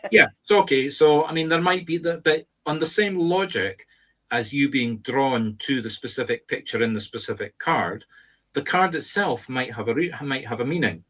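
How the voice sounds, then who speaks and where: A man's voice: medium pitch, normal speed, a bit bright. A middle-aged man with a Scottish accent, co-hosting a casual chat, talking in an emphatic, instructive teacher's tone. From Scotland. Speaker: medium and co-host.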